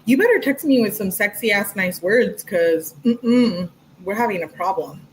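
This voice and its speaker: A woman's voice: medium pitch, lively intonation, normal speed, a little hiss or hum, poor audio. A woman hosting a casual livestream from home, chatty and swearing freely as she greets her viewers. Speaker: livestream host.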